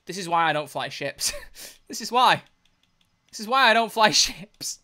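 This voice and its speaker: Excitable man, very bright voice. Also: high-pitched, unhurried. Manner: excitable, swears a lot, frequent outbursts. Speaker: game streamer. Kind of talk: live gameplay commentary. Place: home gaming setup at a desk.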